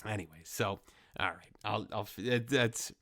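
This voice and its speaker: A young man with a cold telling a rambling comic story, full of fillers, sometimes jumping into squeaky voices for the people he quotes. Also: a little slow, pushed and bright, dry recording, studio quality. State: nasal from a cold. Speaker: comedy podcast host.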